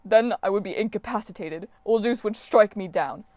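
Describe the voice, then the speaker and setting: A woman's voice: mid-range voice, moderate pace, mellow, no room sound, natural voice. Brief: woman reader as melodramatic male god, theatrical diva, dry read. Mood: dramatic. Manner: wailing, theatrical, self-pitying. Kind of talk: audiobook character voice.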